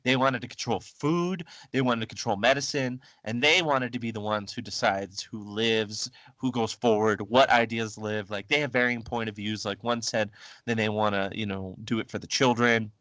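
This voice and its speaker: A man talks in a loose, animated podcast chat and keeps breaking into laughter and silly character voices. His voice is bright and forceful. The sound is dry and close. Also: lowish voice, moderate pace, no echo, poor audio. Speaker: podcast co-host. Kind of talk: casual comic-book discussion.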